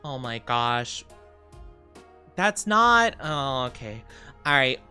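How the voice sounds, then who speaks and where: A young adult woman streamer, tired and low on sleep, chatting casually and greeting her chat. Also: sing-song, slow pace, pushed and bright, clean tone, faint music behind. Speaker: VTuber streamer.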